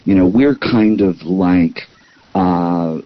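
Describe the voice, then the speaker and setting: A man's voice: low voice, slow pace, lo-fi sound. A man in his fifties, a guest in a casual chat, blunt and opinionated. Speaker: podcast guest.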